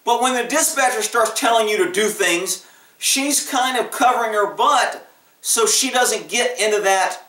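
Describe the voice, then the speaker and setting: Blunt cop in an echoey room. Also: male voice, high-pitched, moderate pace, pushed and bright, far from the mic. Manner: blunt and emphatic, acts out quoted callers. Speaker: police officer giving advice. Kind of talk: casual vlog monologue.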